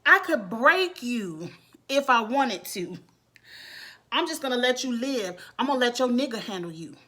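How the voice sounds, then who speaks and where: Woman doing a loud swearing woman boss. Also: fairly high pitch, animated, a little slow. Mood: threatening. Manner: shouting, swearing, threatening. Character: loud domineering woman boss, furious and boastful.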